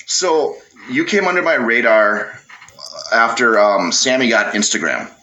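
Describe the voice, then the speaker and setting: A man's voice: medium pitch, animated, unhurried, bright, forceful tone, lo-fi sound. A man hosting a podcast and telling stories in a crude, joking, self-deprecating way. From Moorhead, Minnesota, US. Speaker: podcast host. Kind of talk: casual chat and storytelling. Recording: echoey room.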